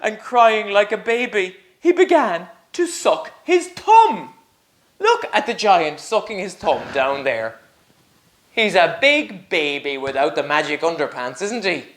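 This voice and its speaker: A man's voice: high-pitched, big pitch swings, measured pace, a bit bright. A male teacher reading a storybook aloud to young children, sing-song and full of questions for them. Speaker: primary school teacher.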